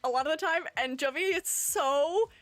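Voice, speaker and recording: Woman streamer, bright-pitched and very animated, playful chat with viewers, dry close mic. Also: moderate pace, dry recording, faint music behind. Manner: chatty and playful, reading chat aloud and answering it. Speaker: streamer ranking game character designs. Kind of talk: casual livestream chat, greeting viewers.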